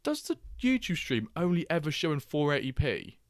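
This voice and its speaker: A man's voice: fairly high pitch, sing-song, moderate pace, dry recording. Chatty man hosting a dry-miked stream. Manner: chatty, reads out viewer messages, jokey asides. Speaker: livestream host. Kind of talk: casual watchalong chat.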